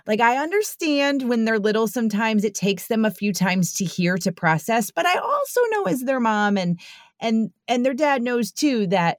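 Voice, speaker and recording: A woman's voice: a little high, very animated, normal speed, dry recording. Earnest woman podcast host, dry sound. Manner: earnest, rambling with restarts. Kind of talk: casual interview chat.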